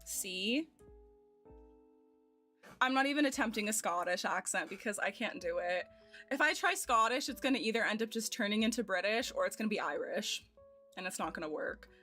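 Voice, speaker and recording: Her medium-pitched, expressive voice moves at a normal speed as she plays a game on stream. She's an American woman in her twenties, chatting casually, giggling and thinking out loud over soft game music.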